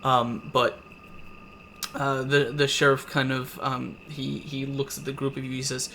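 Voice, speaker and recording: A man's voice: medium pitch, little pitch movement, unhurried, bright, forceful tone, a little hiss or hum. A man running a tabletop role-playing game as game master, narrating with hesitant, filler-heavy speech. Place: home setup with camera.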